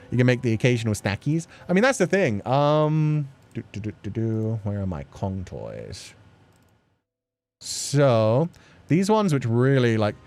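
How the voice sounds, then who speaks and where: A man with a mid-pitched voice chats casually on his livestream, answering viewers' questions. He sounds playful and laughs easily, and his pitch swings up and down a lot. Quiet music plays faintly behind him. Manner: chatty and playful, laughing often between thoughts. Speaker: streamer. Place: at home.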